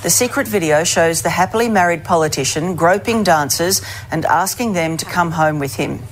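A woman's voice: fairly low pitch, moderate pace, slight background noise, lightly acted. A woman reading a current affairs news report in a played clip.

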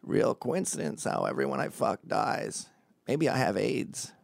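A man's voice: on the low side, big pitch swings, unhurried, gravelly, no room sound, studio quality, exaggerated voice. A man doing a weak impression of a dim, crude older male politician who drawls. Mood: bewildered.

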